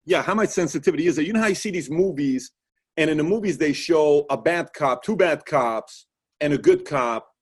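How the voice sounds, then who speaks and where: A man's voice: fairly high pitch, fairly quick, breathy edge. A man hosting a casual interview, asking questions and telling stories with acted-out quotes. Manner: animated storytelling, acts out quotes. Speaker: podcast host.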